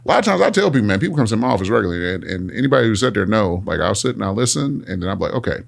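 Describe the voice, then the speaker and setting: A man, hosting a podcast and telling candid stories in a relaxed way, often saying "man" and "bro.". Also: fairly low pitch, rapid-fire, creaky. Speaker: podcast host and pastor. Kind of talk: casual conversation.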